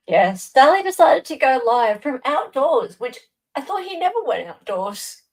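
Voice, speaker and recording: A woman's voice: high voice, sing-song, measured pace, low-quality recording. A woman with an Australian accent hosting a casual livestream, chatting and answering viewers' comments by name. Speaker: livestream host. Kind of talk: casual live-stream chat.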